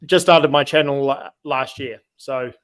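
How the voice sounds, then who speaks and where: A man's voice: medium pitch, a little slow. A man with a New Zealand accent, a guest on a boxing panel, speaking in a friendly and slightly hesitant way. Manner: friendly, a little hesitant, with restarts. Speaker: guest, boxing and MMA channel creator. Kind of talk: casual panel chat.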